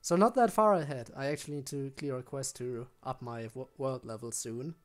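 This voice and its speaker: A man's voice: mid-range voice, moderate pace, soft background music. A young man chatting casually with his viewers while he streams a game. He rambles, often restarts his sentences and answers questions from chat.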